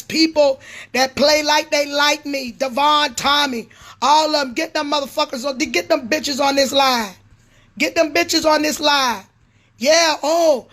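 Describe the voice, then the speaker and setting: A middle-aged woman, a prophetess and pastor, ranting angrily on a livestream, swearing and repeating herself. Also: high voice. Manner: furious, repetitive, swearing, sometimes shouting. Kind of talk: angry livestream rant.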